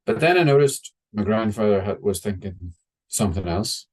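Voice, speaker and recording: A man telling a story in a wry, chatty way, slowing down for the dramatic bits. His voice is low and a bit husky, and it rises and falls a lot. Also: animated, darkish tone. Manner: wry, conversational, with dramatic slowdowns. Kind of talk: oral storytelling.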